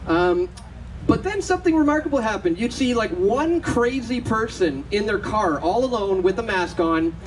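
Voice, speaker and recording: High-pitched guy on a conference stage, animated storytelling, mic far off, faint noise. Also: normal speed. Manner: animated, acts out voices in anecdotes, laughs often. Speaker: conference speaker. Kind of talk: storytelling speech to an audience.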